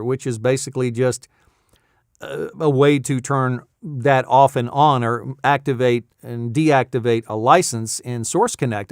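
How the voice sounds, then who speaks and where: A man's voice: mid-range voice, no room sound. Rambling man with a dry studio sound. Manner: rambling, easily sidetracked, self-amused. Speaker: voice actor. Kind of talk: casual talking-head vlog.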